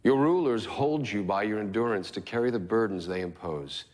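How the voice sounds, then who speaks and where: An actor playing a defiant male rebel leader giving a solemn, measured speech to a nation in a dramatic film. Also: lowish voice, expressive, darkish tone, natural voice.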